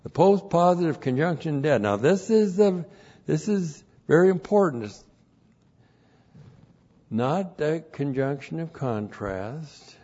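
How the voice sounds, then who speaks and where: A man pastor giving an expository sermon, deliberate and emphatic, with pauses and fillers. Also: on the high side, animated, mellow, dull audio. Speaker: pastor and Bible teacher.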